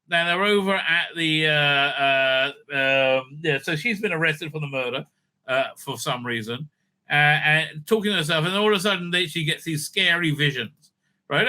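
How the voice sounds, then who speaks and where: Male reviewer, bright sharp voice, rambling exasperated recap. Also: on the high side, normal speed. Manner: exasperated, rambling with many fillers. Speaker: video reviewer. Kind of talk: casual recap and commentary.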